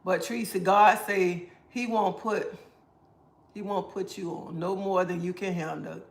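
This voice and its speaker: A man's voice: high-pitched, fairly even intonation, measured pace, gravelly. A man hosting a casual livestream, answering viewer comments and giving preachy life advice. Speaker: livestream host. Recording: roomy echo.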